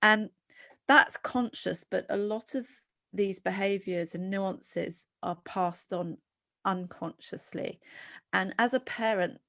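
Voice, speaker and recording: A middle-aged British woman being interviewed as a psychologist, talking earnestly and animatedly with quick restarts. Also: medium pitch, creaky, fairly bright tone. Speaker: guest psychologist. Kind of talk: podcast interview.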